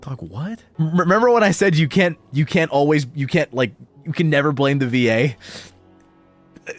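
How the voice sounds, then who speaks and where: A man's voice: fairly high pitch, expressive, moderate pace, soft background music. A man giving casual, blunt commentary as he critiques voice acting and swears freely. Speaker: streamer reviewing voice acting.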